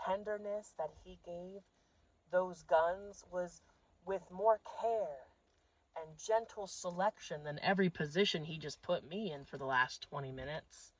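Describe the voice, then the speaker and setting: Woman, comic storyteller, crude and animated, dry close sound. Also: on the low side, no room sound. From northeastern Pennsylvania. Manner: animated, crude, exaggerated delivery. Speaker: comedian.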